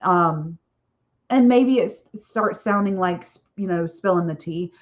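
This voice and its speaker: A woman with a fairly low voice chats casually on a live stream, rambling from one thought to the next and tagging lines with "okay?" Her audio comes through dull and muffled. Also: a little slow. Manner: chatty and rambling, frequent "okay?" tags and laughs. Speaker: author hosting a book launch live stream.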